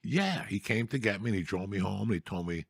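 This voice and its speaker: Male host, heavy gravel, husky edge, profane storyteller. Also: lowish voice, animated, fast. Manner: profane, laughing through his own stories. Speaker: podcast host. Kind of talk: casual storytelling.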